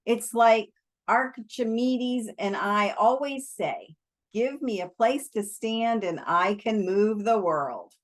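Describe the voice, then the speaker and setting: Lady doing a wry jokey young guy, slow and easy. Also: on the high side.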